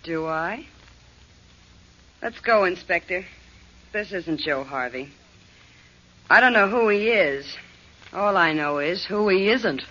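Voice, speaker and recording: Crisp and cool, a guarded young woman who gives nothing away. Her tone is bright and steady. It comes through a dull old radio recording. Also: on the low side, takes it slowly, pauses often, full character voice. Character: cool, sharp-tongued young woman, a crook's girlfriend. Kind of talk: 1940s radio acting.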